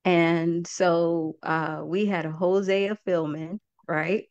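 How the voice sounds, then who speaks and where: Slow, low-voiced woman host saying "y'all". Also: flat delivery, smooth, no room sound, dull audio. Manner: warm, folksy, often calls the listeners "y'all". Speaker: host and project founder. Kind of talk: heartfelt talk to an online audience.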